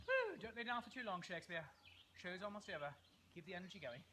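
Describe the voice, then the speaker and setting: A playful man acts out a classic play for laughs, his voice leaping across a wide range with a bright, forceful tone. He keeps up a stream of asides and silly sound effects. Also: high-pitched, big pitch swings, fast talker, a little hiss or hum. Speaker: comedic Shakespeare performer. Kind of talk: comic storytelling with props.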